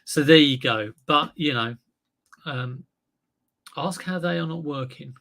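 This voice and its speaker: A man's voice: on the high side, measured pace, vocal fry, a bit bright. Chatty self-mocking male stream host. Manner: chatty, self-deprecating, thinks aloud with many fillers. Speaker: eBay reseller livestream host. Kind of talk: casual live stream chat.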